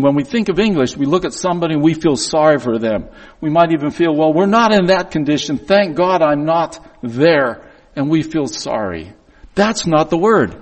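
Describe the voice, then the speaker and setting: A middle-aged man preaching a sermon, telling an everyday story, then reading scripture aloud in an earnest storytelling manner. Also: on the high side. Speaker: pastor. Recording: long reverb of a hall.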